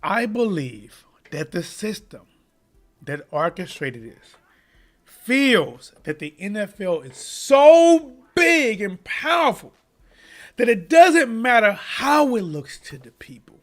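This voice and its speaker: A man's voice: high-pitched, very animated, slow, fairly bright tone, faint music behind. A man hosting a live sports commentary stream, talking straight to his viewers in a heated, impassioned way. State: choking up. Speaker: sports commentary channel host.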